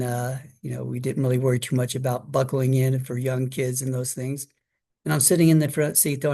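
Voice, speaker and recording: A man's voice: medium pitch, creaky, a little mellow. Middle-aged man telling his life story. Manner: conversational storytelling, acts out his child self and mother in quotes; frequent fillers and restarts. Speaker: guest speaker. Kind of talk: personal story told to an audience.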